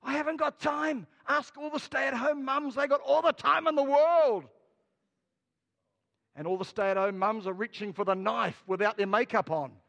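A man's voice: very high-pitched, moderate pace, vocal fry, big-room sound. A man with a New Zealand accent preaching a sermon as a pastor, telling stories with jokes. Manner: storytelling, jokey, lively.

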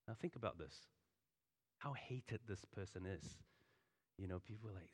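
A pastor giving a sermon in a conversational, animated way, full of asides and storytelling. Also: male voice, mid-range voice, moderate pace. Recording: long hall reverb.

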